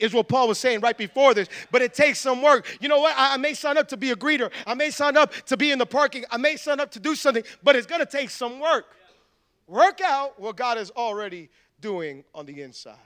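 High-voiced joking pastor preaching. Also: male voice, lively intonation, a little fast, fairly bright tone, smooth. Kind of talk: sermon.

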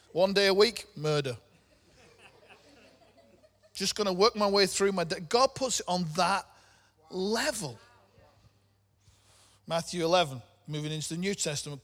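A man's voice: high voice, a bit bright. A middle-aged man preaching a sermon in a conversational way, with humorous asides. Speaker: pastor. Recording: long hall reverb.

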